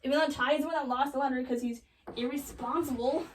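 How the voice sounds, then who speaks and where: Young woman, high voice, sarcastic, valley-girl casual, slightly distant mic. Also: fairly even intonation, quick pace, a little hiss or hum. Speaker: comedic storyteller. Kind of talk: joking retelling of a classic play.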